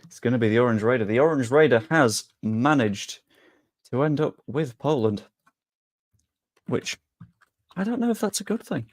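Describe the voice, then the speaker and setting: Young male streamer, casual and self-mocking, mid-pitched, dry close mic. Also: expressive, moderate pace, long pauses, dry recording. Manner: chatty, jokey, self-deprecating. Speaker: streamer hosting a sweepstake draw. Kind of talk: casual live-stream chat.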